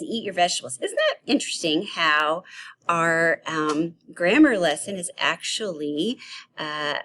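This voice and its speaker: A woman teaching a children's grammar lesson on video, playful and animated, acting out example sentences. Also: on the low side, slight background noise.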